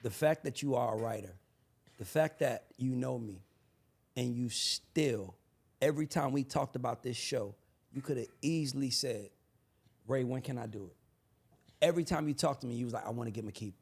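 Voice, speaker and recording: A young man hosting a podcast in a casual interview, hyping up his guest with animated banter. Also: mid-range voice, moderate pace, breathy edge. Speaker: podcast host.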